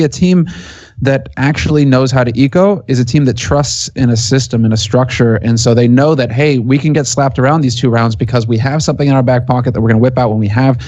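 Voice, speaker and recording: A male commentator guesting on a podcast talks quickly and loosely. His mic sounds dull and lo-fi, and completely dry. His delivery is laid-back and conversational. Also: medium pitch, fairly even intonation, darkish tone, dry recording. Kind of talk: casual chat.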